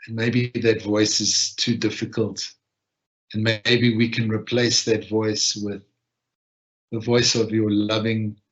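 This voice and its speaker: A soft-spoken man guides listeners through a reflection and breathing practice, taking his time and leaving long pauses. His voice sits a little low and moves very slowly. The sound is dull and lo-fi, like online session audio. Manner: gentle, unhurried, with long pauses. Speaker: session leader.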